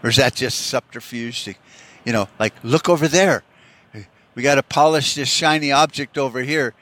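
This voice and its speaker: Profane ranting man, bright voice. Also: medium pitch, fairly quick, dry recording. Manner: profane, ranting, heavy use of "you know". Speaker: podcast host. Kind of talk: rambling solo monologue.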